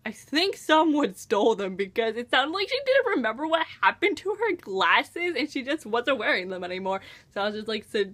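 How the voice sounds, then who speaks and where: An American teenage girl chatting about a book she loved in a casual vlog. Her voice sits a bit high and swings up and down with excitement as she gushes. She scatters "like" and "oh my gosh" through every sentence. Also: fairly quick, hardly any pauses. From United States. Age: teens. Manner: gushing, enthusiastic, full of "like" and "oh my gosh". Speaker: book reviewer.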